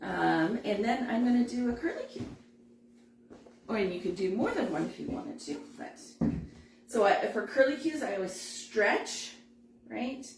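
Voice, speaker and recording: A chatty woman with a fairly high voice talks through a hands-on balloon demonstration, laughing easily as she goes. She sounds set back from the microphone in a roomy space, with faint noise underneath. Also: lively intonation, measured pace, creaky, long pauses, far from the mic. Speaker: balloon instructor. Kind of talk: live demo tutorial.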